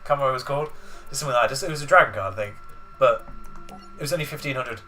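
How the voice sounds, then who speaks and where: A man's voice: medium pitch, rapid-fire, bright, forceful tone, faint music behind. A man giving casual, rambling gameplay commentary as a let's play gamer. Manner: rambling, chatty explanations.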